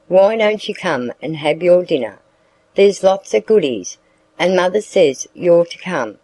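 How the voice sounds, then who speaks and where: A reader voicing a young boy who teases his sister, then coaxes her gently, at a slow pace. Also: medium pitch, expressive, dry recording, poor audio. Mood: coaxing. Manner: teasing, coaxing. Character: offhand young boy, teasing but kindly.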